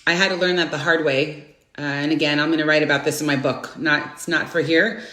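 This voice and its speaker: A woman in her forties hosting a live inspirational stream, chatting casually and greeting viewers by name with bursts of excitement. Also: sits low, fairly quick. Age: 40s. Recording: roomy echo.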